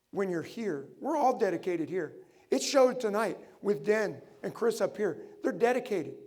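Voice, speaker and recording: A middle-aged man preaching a sermon to his congregation, animated, asking the room rhetorical questions. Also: high-pitched. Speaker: pastor.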